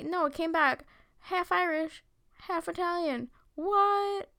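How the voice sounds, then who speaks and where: A woman from Long Island with a fairly high voice chats on a podcast. She tells animated, joking stories and curses freely. Her delivery stays loose and conversational. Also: measured pace. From Long Island, New York. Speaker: podcast co-host. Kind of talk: casual chat.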